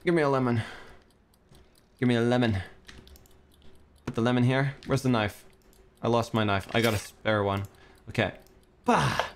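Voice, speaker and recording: A man's voice: mid-range voice, fairly even intonation, moderate pace, long pauses, a little hiss or hum. Frantic man talking himself through a game. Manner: frantic, self-talking, swears, panicky outbursts. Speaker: streamer. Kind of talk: gameplay commentary.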